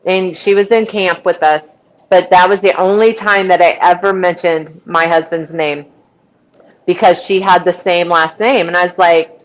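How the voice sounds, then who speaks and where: A woman's voice: fairly low pitch, moderate pace, poor audio. A middle-aged woman from Missouri, a podcast guest telling her testimony and acting out the people she quotes. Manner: lively retelling with quoted voices. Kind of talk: storytelling testimony.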